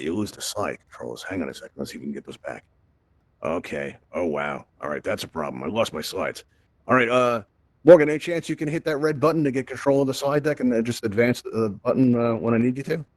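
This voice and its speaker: A man's voice: mid-range voice, no echo. A man giving a chatty live tech presentation in virtual reality, often tagging sentences with "right?", speaking through a headset mic. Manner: chatty, tag questions "right?".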